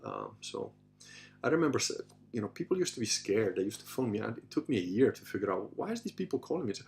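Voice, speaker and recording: A man hosting a podcast, telling stories in a loose, animated way, swearing casually and acting out what others said. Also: fairly low pitch, fast, gravelly, a little hiss or hum. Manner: animated, swears casually, acts out quoted voices. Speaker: podcast host. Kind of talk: casual anecdotal storytelling.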